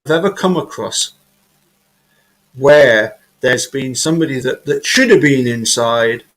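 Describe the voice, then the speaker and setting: A man's voice: medium pitch, animated, a little slow, a bit bright, rough recording. A man hosting a casual live video chat, often stumbling and repeating words as he searches for them. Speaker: host. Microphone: video call.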